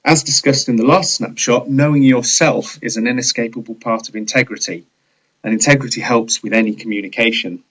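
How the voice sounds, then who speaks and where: A man narrating a scripted leadership training video in a measured, explanatory way. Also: mid-range voice, fairly bright tone, rough recording.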